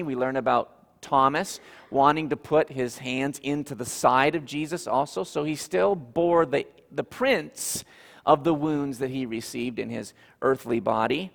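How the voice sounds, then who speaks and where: Male pastor, sermon delivery, earnest and emphatic, fry in the voice, reverberant church hall. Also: medium pitch. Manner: earnest teaching, repeats points for emphasis.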